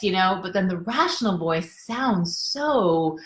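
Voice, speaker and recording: A woman's voice: mid-range voice, animated, slow, hardly any pauses, fairly bright tone. Woman coach live-streaming in a roomy space. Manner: earnest, conversational, addresses viewers directly. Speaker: life coach. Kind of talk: live-stream talk to viewers.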